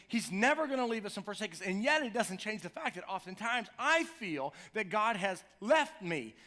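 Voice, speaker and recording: Man, middle-aged, pastor, high voice, bright tone, chatty sermon, impassioned, church. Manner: conversational, jokey asides, rising to impassioned cries. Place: church sanctuary.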